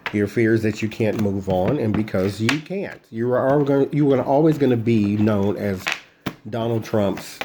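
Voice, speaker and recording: A man's voice: lowish voice, noisy background. A man giving a casual tarot reading, talking bluntly and directly to a person who is not there. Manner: blunt, speaks straight to an absent person. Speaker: tarot reader.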